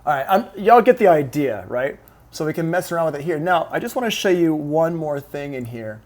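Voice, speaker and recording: A man's voice: fairly high pitch, sing-song, fairly quick, darkish tone. A man running a live-streamed music production class, talking students through each step in a casual, upbeat way.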